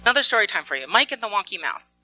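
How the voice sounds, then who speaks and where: Bright-voiced woman telling security stories. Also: medium pitch, racing, rough recording. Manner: lively anecdotal storytelling, acts out dialogue. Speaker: information security analyst. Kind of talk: storytelling conference talk.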